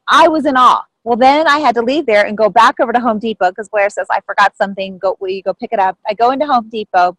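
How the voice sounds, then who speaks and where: A woman telling a personal story on a video call, lively and animated, acting out what others said with big jumps in pitch. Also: dry recording, poor audio. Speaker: group member sharing a story.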